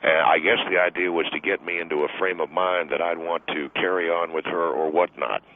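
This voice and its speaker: A man doing a grumbling deep-voiced football coach on the phone. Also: fairly even intonation, a little fast, slight background noise. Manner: blustering, indignant ranting. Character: irritable middle-aged male football coach who resents wives at games. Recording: tinny phone line.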